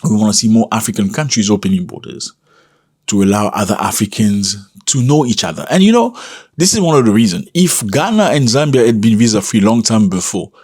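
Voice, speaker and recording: A man giving opinionated commentary on a vlog, talking straight to his viewers with lively asides and calling them fellas. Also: on the low side, a little fast, husky. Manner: animated, addresses viewers as fellas, frequent asides.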